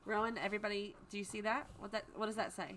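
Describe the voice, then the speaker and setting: A woman's voice: mid-range voice, level tone, quick pace, a bit bright, a little hiss or hum. A woman hosting a live stream from home, chatting casually and greeting viewers by name. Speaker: livestream host.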